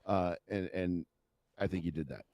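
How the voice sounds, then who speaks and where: Low-voiced man in loose profane chat. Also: normal speed, darkish tone. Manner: laughs often, swears freely, rambling. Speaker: podcast co-host.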